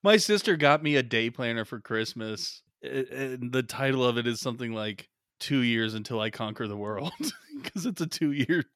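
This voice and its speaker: A man co-hosting a podcast, making quick jokes and laughing often in casual chat. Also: mid-range voice, lively intonation, a bit bright, no room sound, clean studio sound. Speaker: podcast co-host. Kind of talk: casual movie-recap chat.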